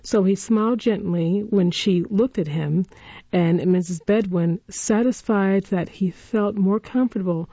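A woman narrating a classic story in a measured, expressive reading voice. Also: medium pitch, no echo. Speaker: audiobook narrator. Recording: dull, dry lo-fi recording.

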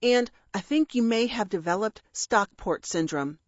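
A woman's voice: mid-range voice, expressive, measured pace, no echo, lo-fi sound, close to an everyday voice. A woman voicing an earnest, bumbling young male dragon who speaks in a flustered, grandly heroic way in an audiobook reading.

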